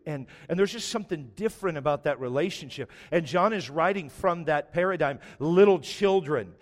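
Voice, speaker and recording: Emphatic male pastor preaching in a hall. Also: high voice. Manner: emphatic, conversational preaching with scripture readings. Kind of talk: sermon.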